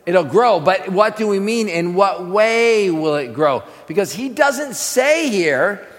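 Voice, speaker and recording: A man's voice: sits high, expressive, takes it slowly, big-room sound. A man teaching scripture sermon-style, quizzing his listeners and answering his own questions. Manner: asks the audience questions and answers them himself. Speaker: preacher teaching a class.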